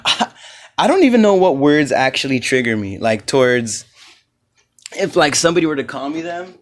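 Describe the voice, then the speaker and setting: A male comedian rambles through his solo podcast in a slightly higher-than-average voice. He swears freely and wanders from point to point. He drops into quick voices when he quotes other people. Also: sing-song. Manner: loose, profane, rambling storytelling. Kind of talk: casual solo podcast chat.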